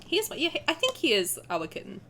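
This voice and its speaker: A woman streamer chatting casually and excitably while reacting to a game, often swearing and gushing. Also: sits high, quick pace, background noise. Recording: faint game music underneath. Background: game music.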